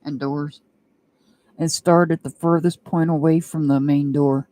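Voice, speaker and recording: A woman's voice: sits low, fairly even intonation, a little slow, mellow, no echo. A woman doing a live-stream tarot reading, chatting and rambling with her viewers and laughing often. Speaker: tarot reader.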